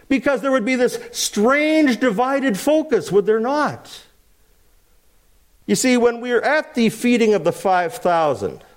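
A male pastor preaching with lots of rhetorical questions. His voice sits high and swings widely in pitch as he presses his points. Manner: animated, full of rhetorical questions. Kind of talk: sermon.

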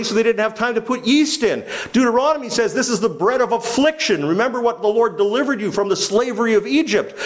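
Lively high-voiced male preacher. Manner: teaching, asks the listeners questions and answers them. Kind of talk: sermon.

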